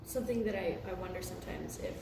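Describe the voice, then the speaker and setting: Female congregant, halting delivery, off-mic in an echoey, noisy room. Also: lowish voice, distant mic. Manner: hesitant, halting storytelling. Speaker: congregation member. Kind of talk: casual discussion.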